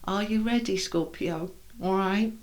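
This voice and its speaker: A woman's voice: medium pitch, measured pace. A woman giving a chatty tarot card reading, talking straight to her viewers in a reassuring way. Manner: warm, chatty and reassuring, addresses viewers directly. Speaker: tarot reader.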